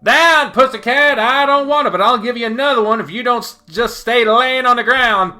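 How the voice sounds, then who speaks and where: A man voicing a sneaky small male animal-man mugger who threatens in a high, excited voice with a high-pitched laugh. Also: moderate pace, soft background music, exaggerated voice. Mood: threatening.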